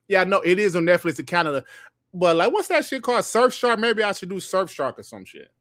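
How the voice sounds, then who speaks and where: An older man hosting a casual gaming podcast, reading the live chat and trash-talking with loud, profane banter and frequent laughter. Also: high-pitched, sing-song, a little fast, no echo.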